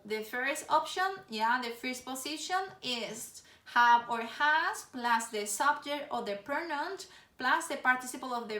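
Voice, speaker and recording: Woman English teacher, high bright voice, echoey room with the mic set back. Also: far from the mic. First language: Spanish. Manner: explains slowly, tags "yeah?" after points. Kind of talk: online grammar lesson.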